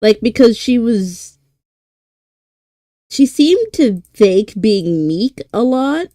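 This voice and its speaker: A young woman chats casually on her stream in a slow, slangy way. Her voice is mellow and warm, recorded dry and close. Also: fairly high pitch, big pitch swings, no room sound. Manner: drawn-out, slangy chatter.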